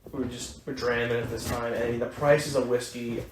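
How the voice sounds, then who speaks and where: A man's voice: medium pitch, little pitch movement, moderate pace. An American man, a podcast co-host, telling a long story in a rambling way, with many restarts and fillers. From United States. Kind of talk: casual chat. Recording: echoey room, faint hiss.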